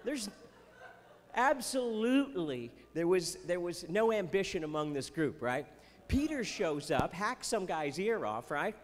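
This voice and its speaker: A man's voice: a little high, sing-song, normal speed, long reverb tail. A man doing chatty Christian stand-up comedy on stage, with playful jokes and asides. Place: festival stage before a live audience.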